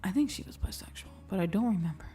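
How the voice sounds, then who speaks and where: A woman's voice: medium pitch, lively intonation, fast talker, dark tone. A woman streamer in casual chat, laughing often and swearing casually. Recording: distant mic with faint music.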